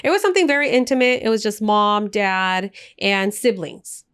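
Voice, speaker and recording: A woman's voice: mid-range voice, lively intonation, moderate pace, fairly bright tone, clear, resonant tone. A woman co-hosting a podcast, telling stories in a chatty, emotional way and slipping in Spanish phrases. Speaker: podcast co-host. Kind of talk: casual podcast chat.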